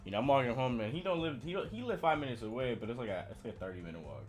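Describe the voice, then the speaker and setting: A man's voice: mid-range voice, very fast, over music. A man co-hosting a podcast, telling a long story in casual chat, with lots of slang and retold dialogue. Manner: storytelling, animated retelling with slang. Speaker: podcast co-host.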